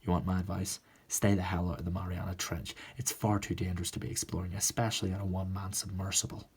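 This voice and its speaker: A man voicing a weary middle-aged deep-sea expert who talks bluntly and skeptically, as a whispered role-play. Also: level tone, fast, husky, full character voice.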